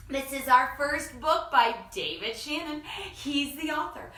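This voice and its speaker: A bright, sharp-toned woman hosts a children's story time, drawing out her words slowly in a sing-song, animated way. Her voice rings in an echoey room, picked up from a little away from the mic. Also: high-pitched, far from the mic. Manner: animated, sing-song, leads call-and-response.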